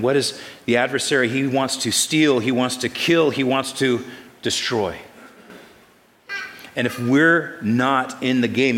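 Male pastor, mid pitch, animated sermon delivery with crowd questions, reverberant church hall. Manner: lively storytelling, acts out voices, asks the crowd questions.

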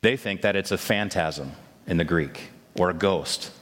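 A man preaching a sermon, telling the story in a lively way and acting out the voices of the people in it. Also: low voice, measured pace, big-room sound. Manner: animated storytelling, acts out voices of disciples.

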